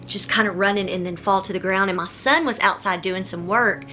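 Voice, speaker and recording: A woman from Texas films a casual Q&A vlog at home, rambling, often stopping and restarting sentences, and speaking directly to viewers. Her voice is medium-pitched and brisk with a sharp tone, over soft background music.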